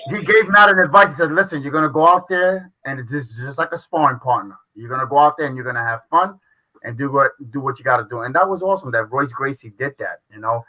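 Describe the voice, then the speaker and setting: Retired kickboxer guy rambling on earnestly, bright sharp voice. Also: medium pitch, fast talker, rough recording. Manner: rambling, earnest, name-dropping. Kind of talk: casual chat on a video call show.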